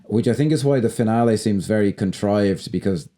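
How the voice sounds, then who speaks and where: A man's voice: fairly low pitch, fairly quick, dark tone. A man co-hosting a podcast, chatting casually about a film in a blunt, sweary, scornful way. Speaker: podcast co-host. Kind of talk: casual film-review chat.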